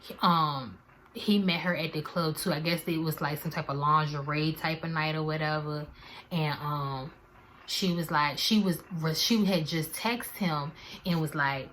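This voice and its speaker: A woman's voice: low-pitched, steady tone, measured pace, a bit bright, slight background noise. A young woman in her twenties, chatting animatedly to viewers in a slangy storytime vlog. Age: 20s. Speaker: vlogger.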